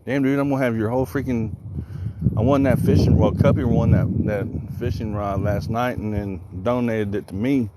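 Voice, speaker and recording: A man's voice: medium pitch, steady tone, normal speed. A man chatting casually with viewers on a live stream, joking, a little out of breath. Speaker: fishing streamer. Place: outdoors by the water. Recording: outdoor noise in the background.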